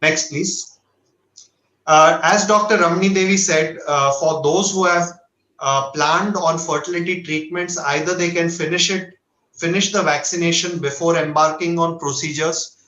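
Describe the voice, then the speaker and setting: A man with an Indian accent, a doctor giving a formal, measured slide lecture at a medical webinar. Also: on the high side, steady tone, bright, forceful tone, reverberant, poor audio. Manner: measured, earnest, asks for each next slide. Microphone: webinar audio.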